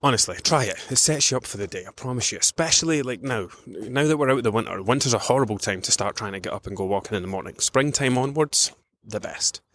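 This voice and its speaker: A man's voice: medium pitch, lively intonation, fast talker, few pauses, fairly bright tone, no echo. A man hosting a nutrition podcast, talking in a casual rambling way with many ums while out on a morning walk. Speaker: podcast host, nutrition coach.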